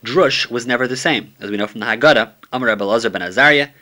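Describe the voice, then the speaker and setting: A man's voice: medium pitch, racing, pushed and bright. A man teaching a summary of a Talmud page, reading steadily and using many Hebrew and Aramaic terms.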